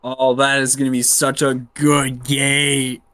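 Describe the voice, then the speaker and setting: A man with an ordinary mid-range voice co-hosts a relaxed podcast. He chats easily and keeps the talk moving with quick, friendly reactions. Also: mid-range voice, clean tone, no echo. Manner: easygoing, short reactions and backchannels. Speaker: podcast co-host. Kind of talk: casual podcast chat.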